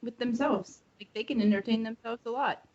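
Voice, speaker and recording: A woman's voice: on the high side, steady tone, a little fast, darkish tone, muffled recording. A woman co-hosting a casual podcast chat, teasing in a dry way and laughing often. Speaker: podcast co-host.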